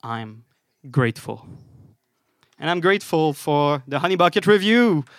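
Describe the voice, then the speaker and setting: Wry French Canadian spoken word poet. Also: male voice, high-pitched, fairly quick, no echo. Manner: wry, apologetic, rhythmic delivery. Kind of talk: spoken word poetry performance. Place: live stage show.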